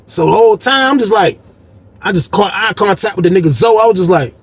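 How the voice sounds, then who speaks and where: A man telling a story from prison life in a casual, animated way, acting out what people said with sudden jumps in voice. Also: quick pace, slight background noise. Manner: animated, acts out quotes with big pitch jumps.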